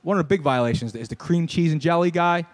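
A young man hosting a podcast, telling a story in casual sports-talk banter, animated, riffing and ranting with laughs. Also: a little high, quick pace. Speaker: podcast host.

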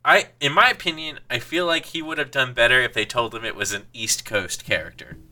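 A man co-hosting a movie podcast, giving opinionated, measured takes and correcting himself. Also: medium pitch, sharp tone. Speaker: podcast co-host. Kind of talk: casual movie review chat.

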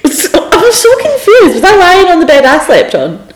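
A woman's voice: extremely high pitch, wildly swooping pitch, normal speed. Giggly woman telling stories. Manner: giggly storyteller, laughs often. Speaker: podcast co-host. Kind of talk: casual chat.

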